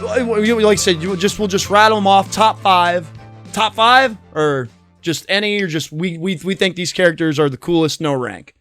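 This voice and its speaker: A man's voice: high voice, normal speed, fairly bright tone, faint music behind. Laid-back male podcast host. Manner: laid-back, jokey, drops into movie impressions. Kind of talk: casual podcast chat.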